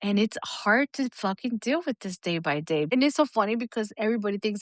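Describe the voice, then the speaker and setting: A woman co-hosting a casual podcast, her pitch sitting mid-range for a woman. She talks candidly and swears freely, jumping high and animated when she mimics others. The sound is dry and close, with no room around it. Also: a little fast, hardly any pauses, dry recording. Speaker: podcast co-host.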